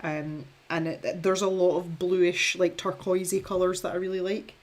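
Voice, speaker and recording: A young woman talks casually on a live stream as she paints. Her voice sits a little low, and she rambles in a self-deprecating way, laughing often. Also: flat delivery, moderate pace, darkish tone. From Scotland. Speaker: art streamer.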